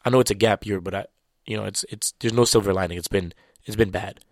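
A man whose first language is French talks basketball in a loose, chatty way, full of slang and restarts. His voice sits fairly low. The sound is dry and close, with no room echo. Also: fairly even intonation, fast. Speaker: basketball commentator. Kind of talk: casual sports talk.

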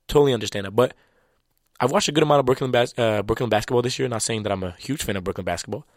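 A man's voice: mid-range voice, very fast, dry recording, clean studio sound. A man whose first language is French, chatting casually about basketball in a loose, slangy way full of restarts. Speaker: basketball commentator. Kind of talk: casual sports talk.

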